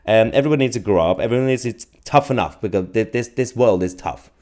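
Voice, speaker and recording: A man hosting a live political stream, reading out chat comments with a sarcastic, animated manner and frequent laughs. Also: lowish voice, fast.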